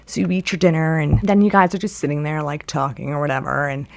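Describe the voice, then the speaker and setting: A woman's voice: low voice, fast talker, creaky, darkish tone. A woman telling a long story in a casual, rambling way, full of filler words.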